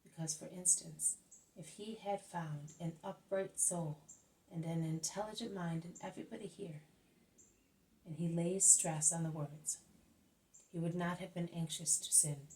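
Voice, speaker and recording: A grave, patient grown man explains things slowly and earnestly, as a woman reads his lines. The tone sits low and mellow, and the voice is caught from a little distance off the mic, in a storybook reading. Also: steady tone, a little hiss or hum, natural voice. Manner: measured, earnest and instructive. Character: calm grave adult male teacher, patient but stern.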